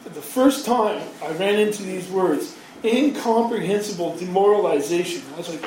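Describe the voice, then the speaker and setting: A man in his thirties tells his story in a rambling, self-mocking way, swearing freely. His voice sits high for a man. It reaches the mic from a distance in a hall with heavy echo, with faint noise behind. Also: animated, moderate pace, a little mellow. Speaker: speaker sharing his recovery story. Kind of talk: personal storytelling. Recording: very echoey hall, from far off.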